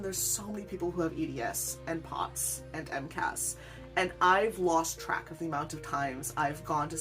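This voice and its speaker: Low-voiced woman rambling casually. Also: a bit bright. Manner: chatty, rambling, self-deprecating, laughs often. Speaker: weaver, channel host. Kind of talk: rambling casual unboxing vlog.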